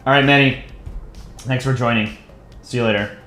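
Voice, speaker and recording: A man casually chatting with viewers on a live drawing stream, relaxed and rambling. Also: medium pitch, normal speed. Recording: echoey room with faint music.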